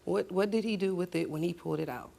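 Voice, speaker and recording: A woman's voice: lowish voice, quick pace, gravelly, mellow. A young adult woman on a talk show, recounting a painful family story in a blunt, heated way. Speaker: guest. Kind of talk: emotional talk show testimony.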